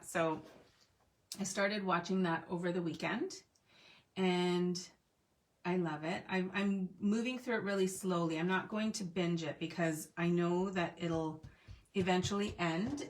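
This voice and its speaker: A woman in her thirties hosting a card-making live stream from her home craft desk, chatting playfully with viewers as she works. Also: fairly low pitch. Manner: chatty, playful, talks to viewers while working. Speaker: card-making livestream host. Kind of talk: casual crafting demo chat.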